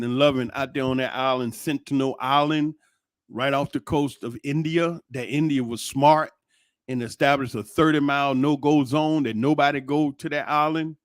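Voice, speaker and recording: Here a middle-aged man talks to his channel in a rambling, casual monologue, constantly restarting and throwing in exclamations. The studio-quality recording is dry, and his pitch is medium.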